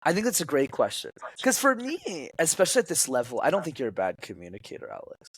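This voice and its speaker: Man, public speaking coach, podcast guest, animated, acts out quotes, dry sound. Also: on the high side, fast talker, husky, no echo.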